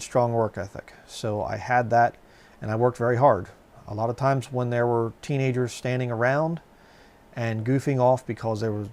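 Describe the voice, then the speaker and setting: A man's voice: medium pitch, darkish tone. A middle-aged man telling stories from his past in a casual, rambling way, with many fillers and restarts. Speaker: channel host. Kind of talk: casual personal storytelling.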